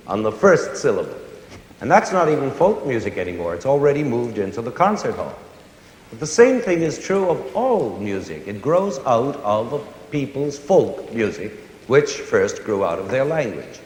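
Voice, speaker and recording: A man explaining music to young listeners, his voice rising and falling with lively expression. He stops to sing and hum short examples. The sound is roomy, with a long concert-hall reverb. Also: mid-range voice, moderate pace. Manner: animated, sings and hums examples. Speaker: conductor giving a concert lecture.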